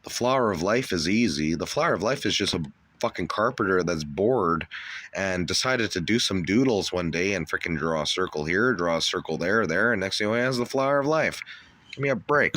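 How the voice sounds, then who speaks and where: A man hosting a comedy skit, high on cannabis and ranting in a rambling, profane way with loud outbursts. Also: animated, moderate pace. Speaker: host. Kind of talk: stoned comedy rant.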